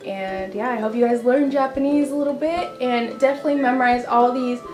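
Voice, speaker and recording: A woman's voice: high-pitched, over music. Chatty young woman teaching phrases. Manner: chatty, giggly, repeats each phrase slowly. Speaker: language teacher vlogger. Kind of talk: casual phrase lesson. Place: warm room at home.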